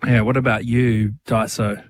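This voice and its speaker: A man's voice: mid-range voice, little pitch movement, unhurried, dry recording. A man, co-hosting a casual radio chat and reading listener messages aloud with a giggle. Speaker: radio co-host. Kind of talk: casual banter on a radio show.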